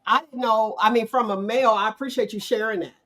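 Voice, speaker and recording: A woman's voice: a little high, fairly even intonation, quick pace, a bit bright. A woman hosting a casual panel talk show, speaking candidly and directly in conversation.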